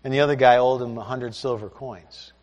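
A man's voice: medium pitch, steady tone, fairly quick, a little mellow, lo-fi sound. A man preaching a sermon, reading scripture aloud and explaining it in a conversational way. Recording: long hall reverb.

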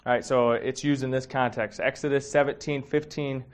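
A man's voice: medium pitch, fairly even intonation, moderate pace. A man giving a casual, heartfelt sermon, talking conversationally with many fillers and getting emotional. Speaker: preacher.

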